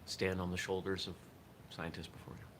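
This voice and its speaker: A man with a low, deep voice hosts a casual morning livestream and talks his thoughts through as they come. His tone is bright and forceful. A faint hiss sits under the recording. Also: flat delivery, brisk. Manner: reflective, thinks aloud with restarts. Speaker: host of a martial arts morning show.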